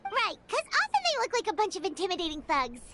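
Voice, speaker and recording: A man voicing a small excitable companion in a squeaky falsetto, amateur game voice-over. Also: fast talker, heavy background noise, exaggerated voice. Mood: snarky.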